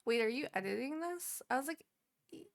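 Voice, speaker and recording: A young woman, co-hosting a podcast and telling a story in casual chat, animated and swearing as she acts out quotes. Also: sits high, a little fast, gravelly. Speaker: podcast co-host.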